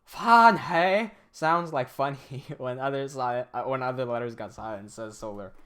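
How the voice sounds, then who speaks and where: A man's voice: mid-range voice, fairly even intonation, moderate pace, a bit bright, clear, resonant tone. A young man animator chatting casually on a livestream; he reads the chat aloud, laughs often and swears a lot. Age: young adult.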